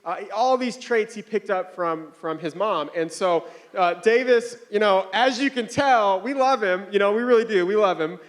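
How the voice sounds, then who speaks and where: A man's voice: sits high, normal speed, hardly any pauses. A man in his thirties preaching a sermon, telling a family story in a casual, conversational way with fillers and chuckles. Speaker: pastor.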